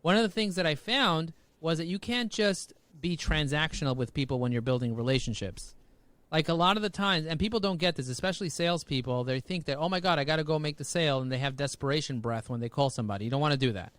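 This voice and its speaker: A man talking as a podcast guest over a video call, high-energy and jokey, full of rhyming catchphrases. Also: lively intonation, fast talker, a bit bright, no room sound. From United States.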